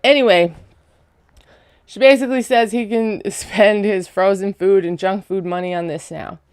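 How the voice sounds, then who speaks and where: Woman, casual recap vlog, sarcastic asides, mid pitch, dry recording. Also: moderate pace, a little mellow, smooth, no room sound. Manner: chatty, sarcastic asides, frequent "like". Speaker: reality TV recap vlogger.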